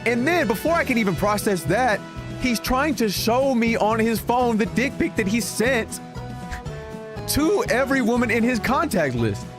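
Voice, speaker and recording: A young man streaming a game, telling a long story in a casual, animated way with many restarts. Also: very high voice, moderate pace. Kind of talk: casual storytelling while gaming. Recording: music playing in the background.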